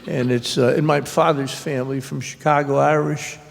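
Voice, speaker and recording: Man, author, wry halting storyteller, gravelly edge, long hall reverb. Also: mid-range voice, fairly even intonation. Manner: anecdotal, wry, halting with fillers. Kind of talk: storytelling at a library author talk. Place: public library event hall.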